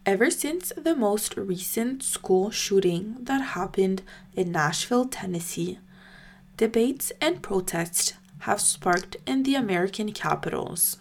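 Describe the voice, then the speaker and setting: Woman, news host, slow deliberate delivery, scripted recap, mid-range voice. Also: mid-range voice, lively intonation. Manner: measured, careful reading.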